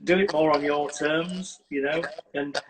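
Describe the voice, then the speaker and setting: A man, a dog trainer, giving lively, casual advice on a video call. He acts out scenes and keeps checking in with "right?". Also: a little high, measured pace. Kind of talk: casual advice on a live stream. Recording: distant mic with loud noise.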